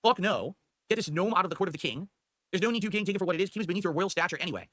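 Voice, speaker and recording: Brief: very fast, lively streamer man, reads comments with theatrical emphasis. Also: sits high, no echo. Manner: animated, theatrical emphasis on words. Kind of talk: reading viewer comments aloud on stream.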